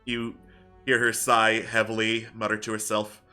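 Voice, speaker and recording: Male game master, low and very bright timbre, quiet measured narration over light music. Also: monotone. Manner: reads a letter slowly and softly.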